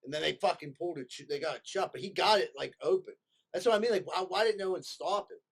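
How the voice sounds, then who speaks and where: A man's voice: sits high, quick pace, creaky, slightly rough. A man, co-hosting a podcast and telling crude stories in casual chat. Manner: crude, joking, animated storyteller. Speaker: podcast co-host.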